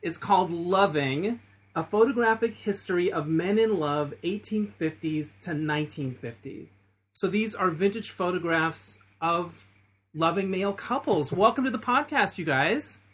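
A man's voice: sits high, animated, unhurried, a bit bright, breathy edge. A man hosting a podcast interview, chatty and enthusiastic, with frequent ums. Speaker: podcast host.

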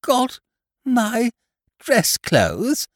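Guy putting on a jumpy young gentleman, pitch shooting up, all eager outbursts. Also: huge pitch swings, extremely slow, no room sound, studio quality, exaggerated voice. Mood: flustered. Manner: bright, eager exclamations, flustered outbursts. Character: excitable young gentleman, flustered and jovial.

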